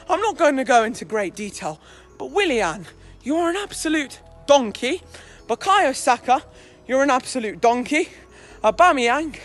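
A high-voiced woman reacts to football matches for her vlog. She rants and shouts, swinging between fury and excitement. Her delivery is loud and unfiltered, with faint music in the background. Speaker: football channel host.

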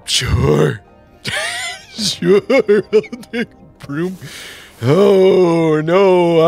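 Male let's play host, slightly high voice, drawn-out delivery, jokey and skittish. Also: creaky, darkish tone, soft background music. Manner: jumpy, joking, yelps and laughs at scares. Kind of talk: horror game commentary. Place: at home.

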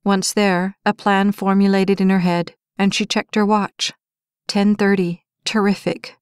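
A woman narrating an audiobook in an even, measured storytelling voice. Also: mid-range voice, clean tone, dry recording, studio quality.

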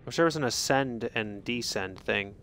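A man's voice: mid-range voice, lively intonation, normal speed, a bit bright, a little hiss or hum. A man giving jokey let's play commentary, reading game text aloud and swinging from mutters to sudden yelps. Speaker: gaming streamer.

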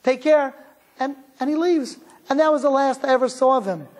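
A man's voice: very high voice, fairly quick. A man from the United States, a rabbi, giving a storytelling lecture and acting out the dialogue in his stories. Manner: animated, acts out quoted dialogue.

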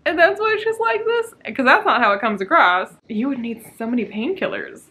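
High-pitched, bright and forceful, she talks a little fast and with lots of animation. The book vlogger sits at home discussing her book into a camera mic, sarcastic, laughing often and swearing without restraint.

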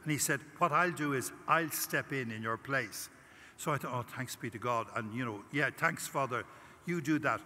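A man's voice: mid-range voice, normal speed, sharp tone, slight background noise. An older Irish priest giving a conference talk, telling a personal story and acting out his prayers with animation. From Ireland. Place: large conference hall. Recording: long hall reverb.

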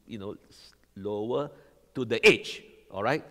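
A man with a fairly low, sharp-toned voice preaches a sermon as pastor at a measured pace. He speaks animatedly and keeps quizzing the congregation with "all right?", his words carried by a long hall reverb.

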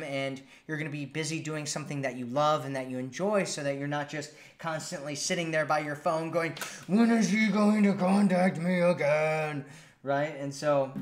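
Upbeat man with a fairly high voice. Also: fairly bright tone. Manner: casual, upbeat, chatty. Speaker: dating coach hosting a live stream. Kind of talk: live stream reading viewer comments.

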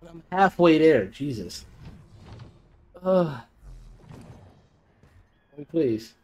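A man's voice: on the high side, sing-song, extremely slow, a little mellow. A man giving let's-play commentary, complaining aloud in exasperation as he plays. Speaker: gamer.

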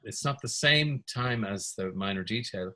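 A man's voice: on the low side, lively intonation, moderate pace, pushed and bright, rough recording. Older Irish man telling anecdotes. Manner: anecdotal, chuckles often, mimics voices in stories. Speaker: music producer guest. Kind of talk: casual reminiscing interview.

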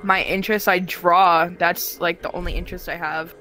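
A woman's voice: fairly low pitch, fairly even intonation, normal speed, bright, forceful tone, soft background music. A woman in a virtual chat game, talking in a sulky, mock-dramatic way and swearing. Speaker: stranger in a VR chat.

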